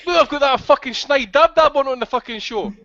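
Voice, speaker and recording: A man's voice: extremely high pitch, fairly quick, creaky, fairly bright tone. A man hosting a podcast, ranting and swearing constantly in casual banter. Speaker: podcast host. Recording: dull lo-fi sound.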